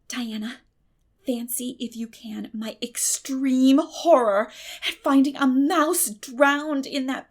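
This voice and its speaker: A woman reading an audiobook, voicing an imaginative, chatty young girl who tells her tale in a theatrical, breathless way with hushed whispers. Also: a little high. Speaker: audiobook reader.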